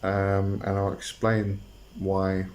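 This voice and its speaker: A man's voice: sits low, completely flat delivery, takes it slowly, darkish tone. A man hosting his own channel, explaining a topic in a casual, hesitant way with many fillers and restarts. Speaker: host.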